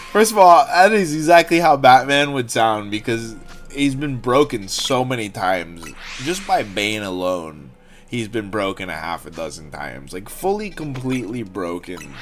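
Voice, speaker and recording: A young adult man chatting casually on a livestream, rambling and joking with frequent swearing. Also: on the low side. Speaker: streamer.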